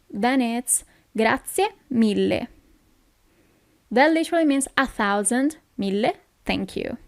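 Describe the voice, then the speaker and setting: Slow, patient woman teacher. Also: on the high side, a little mellow, no room sound. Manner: repeats each phrase slowly, checks in with "okay?". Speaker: Italian language teacher. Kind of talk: slow, clear phrase lesson.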